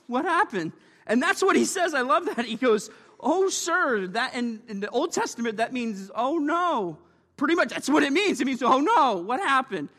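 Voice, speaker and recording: High-voiced, lively male preacher. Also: in a large hall. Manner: lively, joking, calls for amens. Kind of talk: sermon. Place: church.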